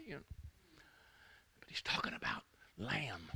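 High, gravelly, animated preacher man. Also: normal speed, pauses often. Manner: exhorting call-and-response, swings from shouting to quiet storytelling; rambling asides, acts out quoted speakers. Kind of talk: sermon.

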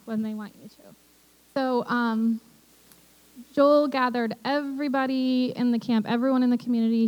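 A woman's voice: fairly high pitch, a little mellow, poor audio. A woman teaching about prayer in an earnest, conversational way, often checking in with her listeners. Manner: earnest, conversational, peppered with "you know". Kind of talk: casual sermon.

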